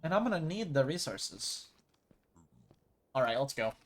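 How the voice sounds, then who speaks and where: A man chatting casually while streaming a game live, rambling excitably and tripping over repeated words as he gets going. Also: mid-range voice, a little slow. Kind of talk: casual live gaming commentary.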